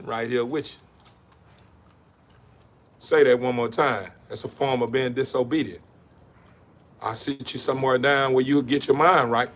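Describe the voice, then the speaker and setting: A stern, calm God figure speaks low and slow, and his warning sits heavy and quiet under the words, as a man puts him on. The voice drops well below the speaker's usual pitch and keeps its patience. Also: close to an everyday voice.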